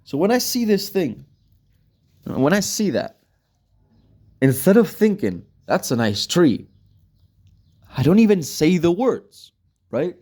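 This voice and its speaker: A man's voice: high voice, big pitch swings, takes it slowly, pauses often, mellow. A young man rambling philosophically in a casual solo vlog, swearing often and laughing at himself. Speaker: vlogger.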